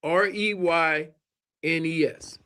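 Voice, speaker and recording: A man from New Orleans with a local accent, co-hosting sports radio and telling animated stories with frequent laughs. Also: on the high side, takes it slowly, clean tone. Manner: animated storytelling, laughs often. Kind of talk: casual radio banter.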